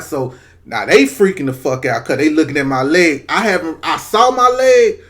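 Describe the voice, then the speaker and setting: A man in his forties casually telling a personal story to camera, profane and lively, acting out the voices of people in it. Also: medium pitch. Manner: animated, profane, acts out quoted voices. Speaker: storyteller vlogger.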